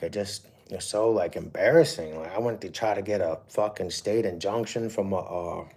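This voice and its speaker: Middle aged guy on a livestream, real low gravelly voice, rambling and cussing through his story. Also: a little mellow. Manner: profane, emotional, with frequent fillers. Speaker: livestream host.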